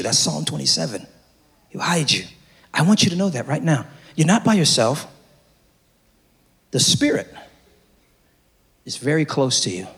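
A man preaching a sermon to a congregation, swinging between loud shouted lines and quiet asides, and repeating phrases for emphasis. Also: on the high side, sing-song, unhurried, vocal fry, long pauses, slightly rough. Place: church service before a congregation.

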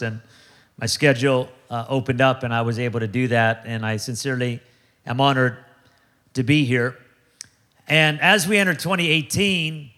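A man preaching a sermon as guest speaker, calling for responses from the congregation and building to shouts. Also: fairly high pitch.

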